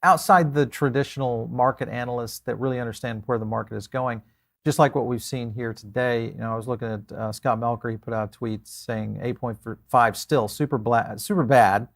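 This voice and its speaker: A man's voice: mid-range voice, fairly even intonation, a little fast, vocal fry. A man hosting a finance interview who asks rambling, hesitant questions. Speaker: interview host.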